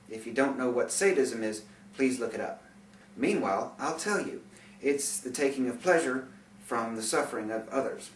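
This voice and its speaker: A man reading his own memoir aloud, sardonic, with bitter asides, in a recording with a roomy, distant sound and faint hiss. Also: medium pitch. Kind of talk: audiobook memoir narration.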